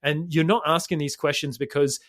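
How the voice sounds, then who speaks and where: A man co-hosting a podcast as a fitness coach, rambling quickly and swearing casually. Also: on the high side, steady tone, a bit bright, no room sound, studio quality. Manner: fast, rambling, swears casually, says mate.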